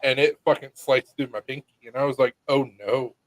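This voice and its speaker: A man's voice: medium pitch, flat delivery, fast talker, dry recording, rough recording. A man telling stories in a casual podcast chat, swearing and laughing often. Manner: laid-back storyteller, swears, laughs often. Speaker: podcast co-host.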